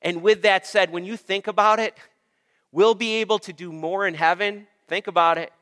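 A man's voice: high-pitched, fairly even intonation, normal speed, sharp tone, clear, resonant tone, in a large hall. A man preaching a sermon as pastor, emphatic and repetitive, calling on the congregation for amens. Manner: emphatic, repeats phrases, calls for amens.

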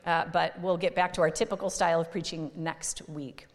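A woman's voice: on the low side, fairly even intonation, fairly quick, big-room sound. A woman pastor giving a sermon in a church, talking in a conversational way with fillers and restarts.

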